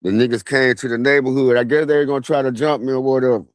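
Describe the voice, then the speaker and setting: A young man telling stories in a relaxed, slang-heavy monologue, speaking outdoors at a graveside. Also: medium pitch, fast, no echo. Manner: relaxed, slangy street talk with many fillers. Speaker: vlogger. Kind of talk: casual storytelling monologue.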